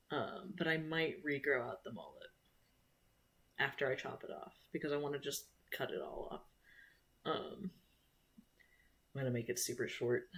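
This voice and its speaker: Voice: mid-range voice, fairly bright tone, slightly rough. A young American streamer in casual, rambling live-stream chat, poking fun at themselves and laughing often, with a sore mouth after dental surgery.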